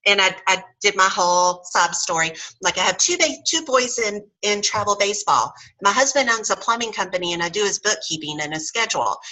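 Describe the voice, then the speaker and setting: A woman's voice: mid-range voice, bright, forceful tone, rough recording. A middle-aged woman telling her story in a casual interview chat, often acting out what others said. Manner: chatty storyteller, acts out quoted voices. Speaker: guest sharing her story.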